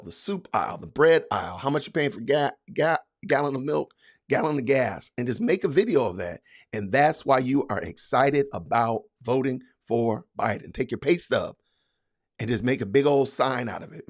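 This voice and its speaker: A man hosting a podcast, giving sarcastic political commentary in a mocking, hyped-up, repetitive way. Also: mid-range voice. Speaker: podcast host.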